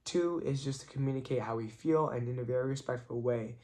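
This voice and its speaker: A man's voice: mid-range voice, a little fast, warm tone. A young man vlogging, telling a family story in an earnest, reflective way and filling his talk with "like". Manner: chatty, many "like" fillers, earnest and reflective. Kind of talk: casual storytelling vlog.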